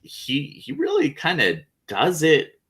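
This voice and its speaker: A man hosting a podcast in a relaxed, casual chat, laughing often and using many fillers. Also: a little high, slow pace. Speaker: podcast host.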